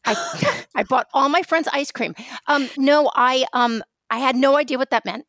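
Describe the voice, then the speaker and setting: A woman's voice: sits high, moderate pace, no room sound, studio quality. A woman from New York co-hosting a podcast, telling a personal story in casual conversation with lots of restarts. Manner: storytelling, animated, many restarts. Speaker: podcast co-host.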